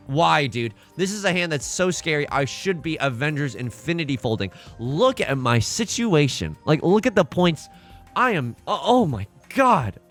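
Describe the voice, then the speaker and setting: A man hosting a let's play, talking through his game in an exasperated, stammering, self-mocking way. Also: fairly high pitch. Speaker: gaming channel host.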